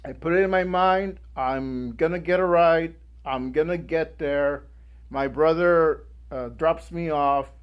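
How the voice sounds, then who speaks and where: A young man giving a guest speech, telling a personal story in an animated way and acting out the people in it. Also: fairly high pitch, measured pace, smooth, lo-fi sound. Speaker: guest speaker.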